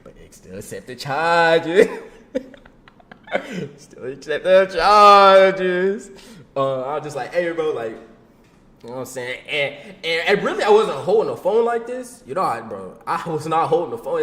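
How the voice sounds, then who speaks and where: A young man casually telling a story from his own life to a camera. He talks in loose slang, says "bro" and "boom" a lot, and laughs along the way. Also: lively intonation, a little fast, echoey room. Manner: slangy and laid-back, peppers talk with "bro" and "boom".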